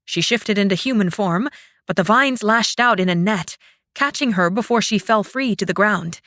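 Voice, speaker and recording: A woman narrating a fantasy audiobook in a dramatic, expressive way. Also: mid-range voice, normal speed, dry recording, clean studio sound.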